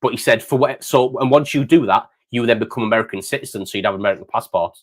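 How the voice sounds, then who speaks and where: A man's voice: lowish voice, racing. A middle-aged man from the United Kingdom, hosting a casual chat and saying mate often. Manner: chatty, says mate often. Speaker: host.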